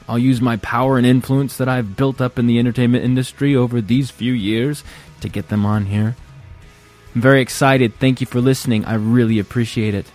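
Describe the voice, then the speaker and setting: A man's voice: mid-range voice, fairly even intonation, a little fast, darkish tone. Joking male podcast host, music behind. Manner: jokey, self-mocking. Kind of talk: solo outro monologue.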